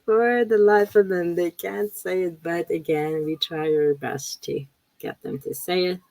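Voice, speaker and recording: A woman teacher trainer giving a relaxed live webinar talk, often repeating words and reading chat questions aloud. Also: fairly low pitch, a little slow, vocal fry, no echo, rough recording. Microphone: computer mic on a video call.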